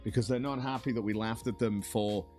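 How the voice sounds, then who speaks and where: A man's voice: lowish voice, fairly even intonation, a little fast, a little mellow, soft background music. A man chatting casually on a livestream, rambling and repeating himself as he complains about being targeted. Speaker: streamer in a played clip. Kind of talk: casual live-stream chat.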